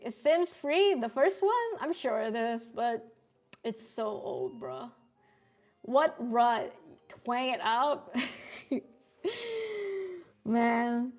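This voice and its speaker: A young woman with a slightly high voice chats loosely with her viewers as she sketches. She is relaxed and quick to laugh, and swears freely. Soft music plays faintly in the background of her home setup. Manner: laid-back, chatty, swears and laughs often. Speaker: artist streamer. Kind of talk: casual live-stream chat while drawing.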